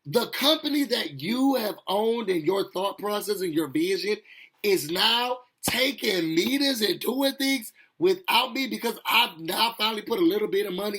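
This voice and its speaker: A man with a high, husky voice recaps a reality show in a loose, chatty way. He talks straight to his viewers, animated and sassy, full of asides and playful jabs. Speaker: TV recap host. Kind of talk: casual recap commentary.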